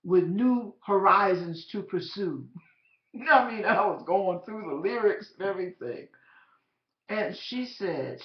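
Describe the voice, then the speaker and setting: A woman telling her own faith story as a personal testimony, animated and emphatic, speaking directly to the listener. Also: lowish voice. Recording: roomy, slightly dull recording.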